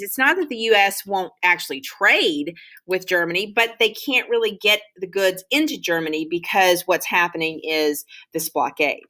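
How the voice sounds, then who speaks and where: A woman lecturing on history to a class, her voice bright and clear at an ordinary pitch. She speaks casually, filling pauses with ums and restarting her phrases as she explains. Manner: conversational, many ums and restarts. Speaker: history teacher.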